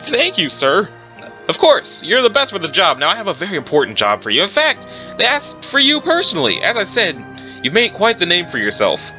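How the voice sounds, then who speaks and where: A man voicing an elderly, powerful male board member who speaks in a smooth, condescending, teasing way. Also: sits high, wildly swooping pitch, a little fast, sharp tone, pitched above the performer's own voice, heavily acted. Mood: smug. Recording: muffled recording with background music.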